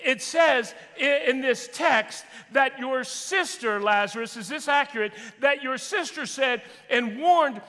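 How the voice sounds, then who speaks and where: A man's voice: very high voice, measured pace, few pauses, sharp tone, in a large hall. A man preaching a sermon with dramatic, courtroom-style framing in a church auditorium. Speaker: pastor.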